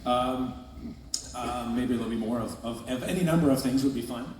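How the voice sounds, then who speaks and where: A man on a convention panel giving a thoughtful, halting answer with many pauses and fillers. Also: medium pitch, a little mellow, a little hiss or hum. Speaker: panel guest actor. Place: large convention hall with an audience. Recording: echoey hall recording from far off.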